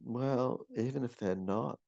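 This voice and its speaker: A man chatting casually as co-host, relaxed and quick to laugh, on a dull lo-fi recording. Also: mid-range voice, gravelly, no room sound. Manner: relaxed, brief replies, laughs easily. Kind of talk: casual chat. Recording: dull lo-fi dry sound.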